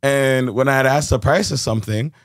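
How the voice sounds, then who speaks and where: A man's voice: mid-range voice, brisk, dry recording, clean studio sound. A young man from Kenya hosting a casual podcast chat, reflective and hesitant, full of fillers and restarts, laughing easily. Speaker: podcast host.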